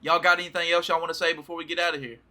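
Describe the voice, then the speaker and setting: A man hosts a casual podcast in a bright, forward voice set a touch above the usual male pitch. He is laid-back and laughs easily, and he mimics other people's lines as he retells what happened. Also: little pitch movement, rapid-fire. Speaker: podcast host. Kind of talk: casual chat.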